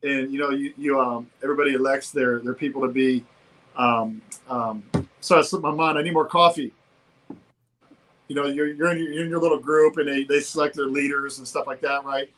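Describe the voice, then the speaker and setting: A man's voice: medium pitch, fairly even intonation, fairly bright tone, a little hiss or hum, rough recording. A man co-hosting a livestream who chats casually and rambles, stopping and restarting his sentences. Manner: rambling, halting, full of restarts and fillers. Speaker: livestream co-host. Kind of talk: casual chat.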